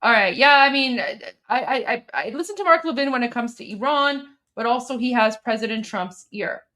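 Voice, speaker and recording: A woman's voice: fairly high pitch, lively intonation, normal speed, pushed and bright. A woman co-hosting a live stream, chatting casually and bluntly as she reads out viewer messages, with plenty of "like" and "um".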